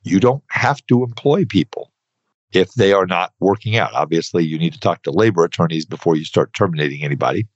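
A man's voice: low-pitched, lively intonation, brisk, no room sound. A man in his fifties hosting an advice podcast, talking earnestly and emphatically and repeating points with "okay". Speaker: podcast host, accountant. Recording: dry, slightly dull podcast audio.

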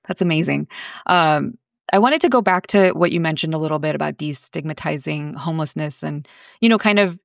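A woman interviewer asks questions in an encouraging way, searching for her words as she goes. Her voice sits very low for a woman and has a gravelly fry. The recording is dry and close-miked. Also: no echo. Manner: warm, encouraging, hesitant phrasing. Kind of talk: conversational interview.

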